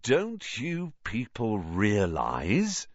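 A man voicing a vain, cheery male teacher who talks slowly and condescendingly. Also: lowish voice, sing-song, no echo, muffled recording, full character voice. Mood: beaming. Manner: slow, patronizing, self-satisfied.

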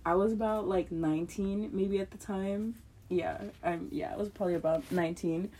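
A woman's voice: mid-range voice, fairly even intonation, moderate pace, warm tone, a little hiss or hum. A young woman co-hosting a podcast, telling a story in casual chat, swearing freely and laughing often. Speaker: podcast co-host.

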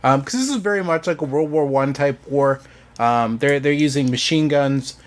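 A podcast co-host with a voice on the high side presents history at a moderate pace. His explanation is casual and hesitant, full of ums and "sort of".

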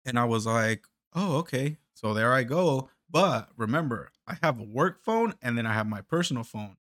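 In a casual podcast chat, a man tells a story in an animated, medium-pitched, fairly bright voice at a moderate pace. He swears a lot, stammers and restarts on repeated words, and laughs, with studio-quality sound and no room sound.

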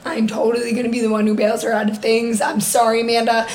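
A woman's voice: on the high side, completely flat delivery, fast, a little mellow, a little hiss or hum. A woman co-hosting a podcast, telling a story in a chatty way and laughing often. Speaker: podcast co-host. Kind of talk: casual chat.

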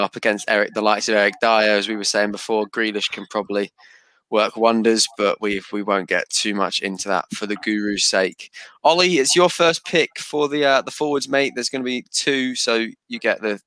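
A man's voice: on the low side, sharp tone, no echo. A man hosting a casual podcast, steering the conversation from pick to pick. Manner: leads the picks, steers the talk. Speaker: podcast host. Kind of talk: casual chat.

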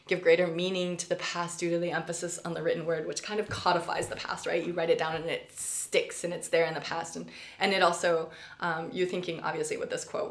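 A middle-aged woman professor with a lowish voice and roomy sound walks her college students through a recorded lecture. She's conversational and thoughtful, with many fillers and restarts.

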